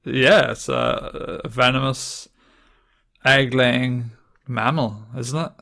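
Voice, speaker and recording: A man's voice: medium pitch, steady tone, takes it slowly, vocal fry, pushed and bright. An English man hosting a casual podcast, chatty and laughing easily while reading from his notes. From England. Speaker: podcast host.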